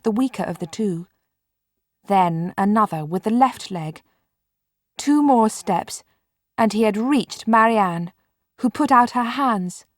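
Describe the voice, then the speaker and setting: A woman narrating an audiobook in a measured, clear storytelling manner. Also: mid-range voice, no echo, studio quality. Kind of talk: scripted narration.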